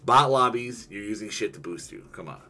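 A man's voice: on the low side, lively intonation, a little fast, pushed and bright. A young man streaming a video game, ranting heatedly and swearing constantly in casual chat with a friend. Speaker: gaming streamer.

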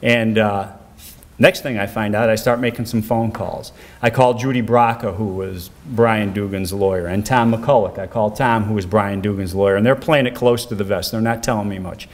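An older man, a former defense lawyer telling a case story in a documentary interview, his pitch rising when he quotes others. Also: fairly even intonation, moderate pace.

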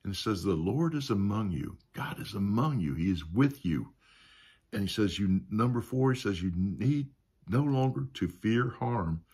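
A man teaches a Sunday school Bible lesson in a relaxed, conversational style, his voice low, husky, and a little mellow. Speaking expressively at normal speed, he often drops in "you know" and poses questions to the class while explaining.

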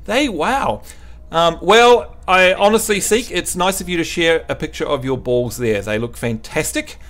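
A man's voice: a little high, animated, a little slow, fairly bright tone. A man hosting a casual game livestream, joking with his chat and teaching the basics. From New Zealand. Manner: chatty, jokey, teasing the chat. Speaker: livestream host.

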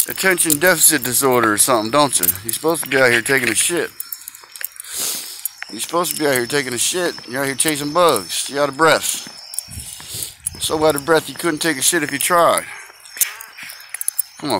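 A man's voice: medium pitch, pushed and bright. A man walking his dog outdoors and filming on his phone, teasing it with crude, profane chatter. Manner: crude, teasing, swears a lot. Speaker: dog owner filming a walk. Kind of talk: casual filmed chatter to a dog. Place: outdoors on a roadside walk. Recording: noisy outdoor phone recording.

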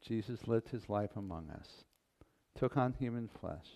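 Slow-speaking male pastor preaching. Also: on the low side, a little mellow. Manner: folksy, playful, unhurried preaching. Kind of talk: sermon and closing prayer. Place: church sanctuary.

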